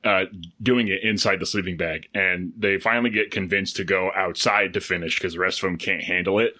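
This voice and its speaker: A man's voice: low voice, fairly even intonation, brisk, sharp tone. A man co-hosting a casual podcast film review, recapping scenes with jokey asides. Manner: storytelling, joking recaps. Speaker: podcast co-host.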